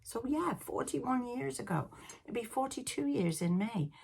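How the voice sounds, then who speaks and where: A woman in her fifties with a Liverpool accent softened by years in Canada, hosting a knitting podcast in a chatty, rambling way. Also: a little high, a little slow, creaky, husky. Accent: Liverpool English softened by decades in Canada. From England, Liverpool. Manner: chatty and rambling, with laughs and excited asides. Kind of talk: casual chat.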